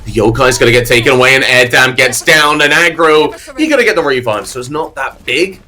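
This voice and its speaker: Bright-voiced male esports play-by-play caster. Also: mid-range voice. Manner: energetic, quick play-by-play calls. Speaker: esports commentator. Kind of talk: play-by-play commentary.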